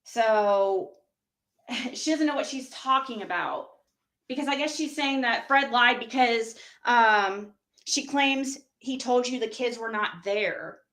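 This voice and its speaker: A woman's voice: on the high side, slow pace, fairly bright tone. A woman livestreamer in a heated, profane rant, talking straight to her chat.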